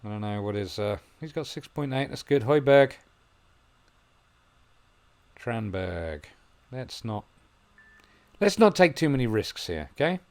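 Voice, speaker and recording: A man commentating on his football management game, musing quietly and then breaking into excited play-by-play. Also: mid-range voice, unhurried, long pauses. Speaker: gaming video host. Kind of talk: gameplay commentary.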